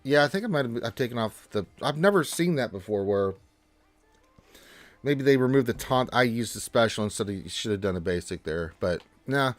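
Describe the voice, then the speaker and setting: Man host on a live stream, mid-pitched, dry close mic, easygoing and chatty, greets chat with a lift. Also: expressive, fairly quick, dry recording, soft background music. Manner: loose and chatty, with restarts and jumps up in pitch when greeting viewers. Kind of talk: casual gaming stream chat.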